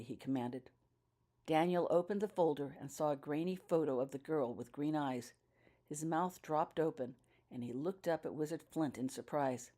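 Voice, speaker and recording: A woman narrating her own fan fiction as an audiobook with steady storytelling. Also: low voice, moderate pace.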